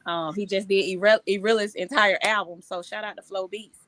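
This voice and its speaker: A woman's voice: medium pitch, fairly even intonation, fairly quick, a bit bright, no room sound. A young adult woman, a southern soul singer, chatting casually in an interview and restarting her phrases as she talks.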